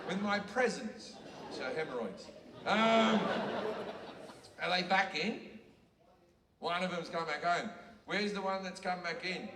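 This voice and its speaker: An Australian man doing brash, crude stand-up that is full of swearing, with a voice that sits high. This bootleg was taped from far back in a theatre audience. The sound rings through a long, echoing hall over loud room noise. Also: a little slow, long pauses. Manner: crude, brash, heavily profane. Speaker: stand-up comedian. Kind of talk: stand-up comedy set. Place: large theatre with live audience. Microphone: bootleg recorded from the audience.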